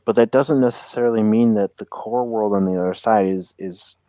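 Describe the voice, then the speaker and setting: A man's voice: fairly low pitch, fairly even intonation, fairly quick, dark tone, dry recording. A man narrating as game master of a tabletop roleplaying game, describing scenes and asking players what they do.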